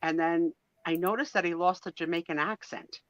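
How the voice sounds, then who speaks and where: A woman from New Jersey co-hosting a live online sale, telling stories in a chatty, animated way. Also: on the low side, normal speed, no room sound, low-quality recording. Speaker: co-host of live sale stream. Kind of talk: casual storytelling chat.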